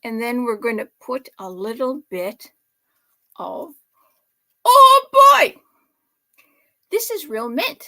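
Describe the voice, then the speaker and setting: A woman with a slightly high voice hosts a casual cooking vlog from her home set. She talks slowly and chattily, laughing often and breaking into exclamations. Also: lively intonation. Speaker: host making drinks at home.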